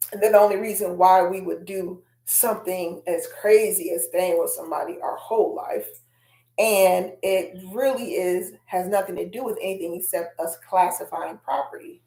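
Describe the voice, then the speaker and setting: A woman's voice: medium pitch, vocal fry, dark tone. Woman doing a casual vlog, talks right to the viewers, reads quotes out, roomy echo. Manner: chatty, addresses viewers directly, reads quotes aloud. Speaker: host.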